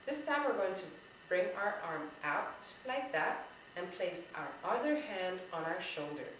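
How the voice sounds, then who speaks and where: A woman's voice: fairly low pitch, sing-song, a bit bright, slight background noise. Patient woman teaching in an echoey room. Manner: slow, patient, clearly articulated. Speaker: music teaching artist. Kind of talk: children's lesson. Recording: echoey room, voice a bit far from the mic.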